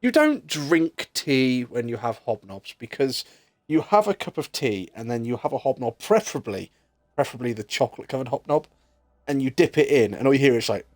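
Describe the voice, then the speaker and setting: Animated British man, joking gamer chat. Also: mid-range voice, brisk, no room sound. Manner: animated, joking storyteller who swears freely. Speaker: game streamer. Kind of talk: casual chat while gaming.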